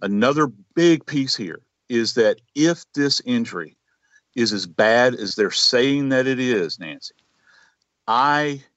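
A man giving expert forensic commentary as a guest, speaking in a measured, deliberate way with some repeated words. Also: medium pitch, animated, a bit bright, dry recording, muffled recording.

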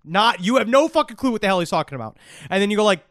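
A man's voice: high voice, big pitch swings, very fast, a bit bright, no room sound, clean studio sound. A man co-hosting a true crime podcast, rambling and profane with frequent restarts. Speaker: podcast co-host.

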